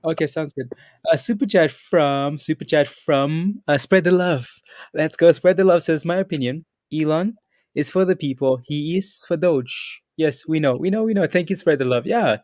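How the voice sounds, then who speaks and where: A man's voice: a little high, moderate pace, a little mellow, no room sound, studio quality. A man co-hosting a livestream, chatting casually, laughing often and reading viewer comments aloud. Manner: laughs often, reads super chats aloud. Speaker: co-host of a crypto livestream.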